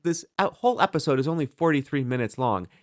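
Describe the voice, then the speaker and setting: A woman co-hosting a podcast, chatting casually about a TV episode, quick to joke and trailing off mid-thought. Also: deep voice, expressive. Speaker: podcast co-host. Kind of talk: casual chat.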